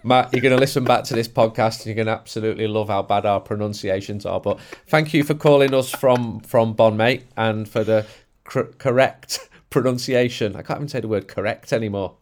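A man hosting a casual football podcast in a studio, jokey and excitable, laughing often. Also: fairly low pitch, quick pace, few pauses. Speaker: podcast host. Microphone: studio mic.

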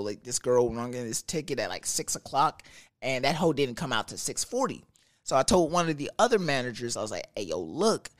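In clean studio audio with no echo, a young man from Texas with a voice on the high side rants and jokes through a profane, casual story about his job. He's an animated storyteller vlogger.

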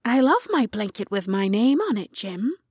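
A woman's voice: mid-range voice, very animated, normal speed, a little mellow, husky, dry recording, clean studio sound. Wilbur, a woman voicing a sweet old tractor. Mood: sad. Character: gentle old male tractor, sad and sweet.

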